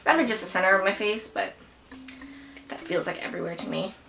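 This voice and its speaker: A woman's voice: mid-range voice, brisk, gravelly, loud music behind the voice. A young woman casually talking through her everyday makeup routine, chatty and rambling, full of self-mocking asides. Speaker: beauty vlogger. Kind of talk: casual makeup tutorial chat.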